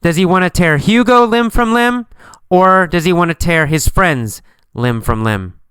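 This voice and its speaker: A man teaching an English lesson, asking simple questions and answering them himself, slowly and with a lot of repetition. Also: high voice, expressive, fairly bright tone, smooth, no echo, studio quality.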